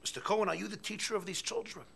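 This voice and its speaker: Man playing an outraged father, shrill, shouting, gravelly edge, bright tone. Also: racing, a little hiss or hum, heavily acted. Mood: infuriated. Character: infuriated father, middle-aged man, indignant.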